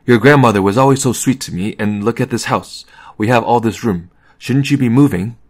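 A man voicing a kind, gentle young man who speaks in a friendly, natural way. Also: mid-range voice, brisk, pitched above the performer's own voice, natural voice.

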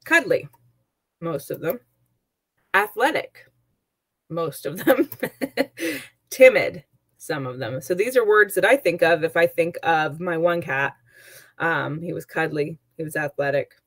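A woman's voice: low-pitched, dry recording. A woman teacher giving an online lesson, chatty and explaining with examples and asides.

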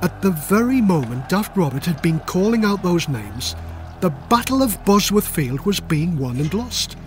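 A man's voice: high voice, sing-song, normal speed, faint music behind. An older man reading his own children's history book aloud in a playful, dramatic storytelling manner. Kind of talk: audiobook narration for children.

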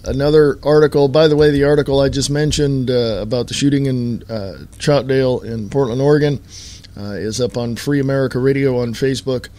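A man hosting his own podcast in a talk-radio monologue style, hammering points home with slow, stressed words and repeats. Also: mid-range voice, a little mellow. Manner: emphatic, repetitive, slowed stress on key words. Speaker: podcast host.

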